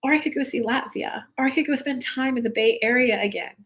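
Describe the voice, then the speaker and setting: Young female spiritual coach, live-stream host, fairly high voice, loose and heartfelt, rambly. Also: fast, fairly bright tone. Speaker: spiritual coach hosting a live reading show. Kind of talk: casual talk to live viewers.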